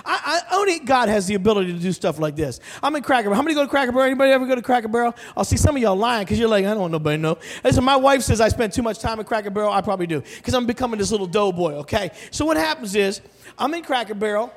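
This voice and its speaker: A male pastor preaching in an animated, joking storytelling way, breaking into shouts and laughter. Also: very high-pitched, very fast. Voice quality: bald. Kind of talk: humorous storytelling sermon.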